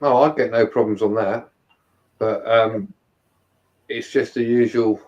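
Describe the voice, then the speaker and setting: A man's voice: lowish voice, fairly even intonation, a little slow, a little mellow, dull audio. A man in a casual chat, laid-back and rambling, swearing casually.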